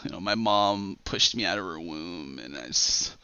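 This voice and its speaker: A man's voice: low voice, expressive, normal speed, sharp tone, clear, resonant tone, no echo, lo-fi sound, pitched below the performer's own voice, heavily acted. A man putting on the voice of a mopey, broke young man who sounds strained, as if constipated, mumbling in self-pity.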